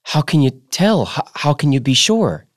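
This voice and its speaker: Guy reading an unsure young student, halting and a little scared, dry close sound. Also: on the high side, very animated, no echo, pitched above the performer's own voice. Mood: startled. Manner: hesitant and quietly startled. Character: young male farm-boy student, unsure.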